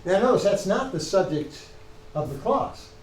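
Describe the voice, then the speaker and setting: High-voiced man lecturing in an echoey room. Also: very animated, normal speed, a little hiss or hum. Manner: explanatory, emphatic, with frequent restarts. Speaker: professor. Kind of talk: university lecture.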